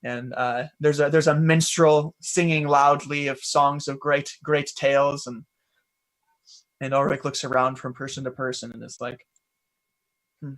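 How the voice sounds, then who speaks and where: A man's voice: mid-range voice, steady tone, moderate pace, a bit bright. A man casually narrating a scene for his tabletop character, with frequent rambling restarts. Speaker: player.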